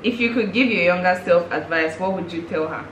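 A woman's voice: fairly low pitch, brisk. A young woman hosting a vlog, asking her roommate questions and speaking earnestly. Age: young adult. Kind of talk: casual chat. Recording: roomy room with faint noise.

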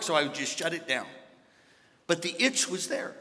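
High-voiced pastor preaching in a big hall. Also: male voice, sing-song, a little fast, long pauses. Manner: storytelling, builds to shouting. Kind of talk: sermon. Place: large church hall. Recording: hall reverb from a big church.

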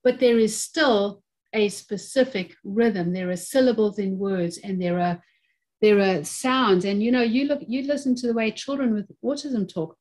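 A woman's voice: medium pitch, moderate pace, darkish tone. A woman in her fifties, an occupational therapist speaking as a guest in a webinar interview, talking earnestly and repeating phrases to stress her points over a video-call microphone.

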